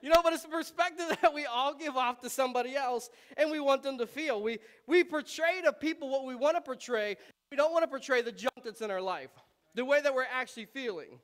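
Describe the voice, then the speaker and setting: High-voiced man preaching a casual sermon. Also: fairly quick. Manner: relaxed and chatty, laughs often, frequent ums. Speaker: pastor. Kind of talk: conversational sermon.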